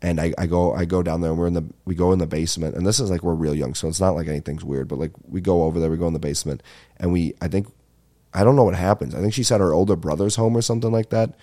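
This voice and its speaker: A young man with a deep, mellow voice hosts a comedy podcast. He tells long, winding stories thick with swearing, fillers and sudden tangents. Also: steady tone, rapid-fire. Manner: profane, meandering, lots of fillers and asides. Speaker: podcast host. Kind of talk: rambling comedic storytelling.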